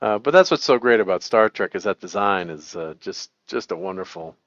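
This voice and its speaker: A man's voice: lowish voice, big pitch swings, a little fast, creaky, a bit bright. A middle-aged man chats loosely on a home live stream and breaks into chuckles over and over. The sound is dry and a little dull, with no room echo. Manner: chuckling, rambling, lots of laughter. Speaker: host. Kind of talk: casual live-stream chat.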